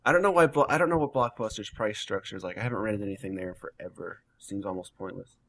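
A man's voice: lowish voice, quick pace, fairly bright tone. A man co-hosting a podcast in casual chat, joking and laughing often. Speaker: podcast co-host.

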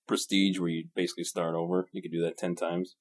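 A man's voice: deep voice, little pitch movement, quick pace, breathy edge. A man in casual podcast chat about games, laid-back and easily enthused. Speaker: podcast co-host.

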